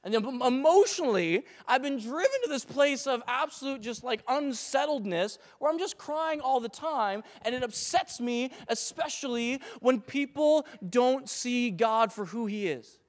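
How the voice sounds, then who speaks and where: High-voiced animated male preacher in a hall. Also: moderate pace, few pauses. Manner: animated, acts out voices of doubting people. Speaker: pastor. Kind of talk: sermon. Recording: long reverb of a church hall.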